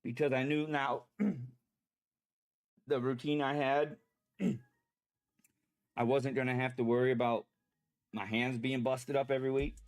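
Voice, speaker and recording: A man telling a personal story in a halting, rambling way, pausing as the emotions come back. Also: medium pitch, level tone. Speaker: vlogger.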